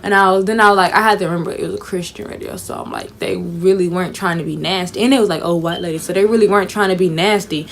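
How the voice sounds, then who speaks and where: A woman's voice: fairly low pitch, fast talker, creaky, few pauses, slight background noise. A young woman, casually telling a swear-filled story in her vlog and acting out the people in it. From Houston, Texas. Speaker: vlogger. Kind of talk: casual storytime while taking down braids.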